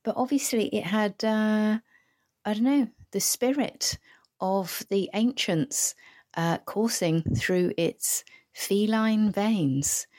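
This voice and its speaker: A woman's voice: medium pitch, takes it slowly, a little mellow. A woman hosting a casual solo podcast, telling wry, sweary anecdotes and acting out the quotes. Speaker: podcast host.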